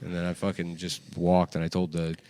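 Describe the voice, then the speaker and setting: A fairly low-pitched man hosting a comedy podcast. He rambles through profane anecdotes, jumps into quoted voices, and keeps the banter loose. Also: monotone, fairly quick, darkish tone, no echo. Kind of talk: casual banter, storytelling.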